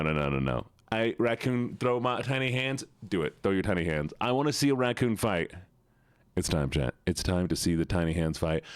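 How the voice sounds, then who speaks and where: A playful man chats with his stream audience in a put-on Southern drawl, repeating words and laughing easily. His voice leaps around a lot in pitch. The sound is dry and close. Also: no room sound. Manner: putting on a Southern drawl for a viewer redeem. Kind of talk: casual live-stream chat.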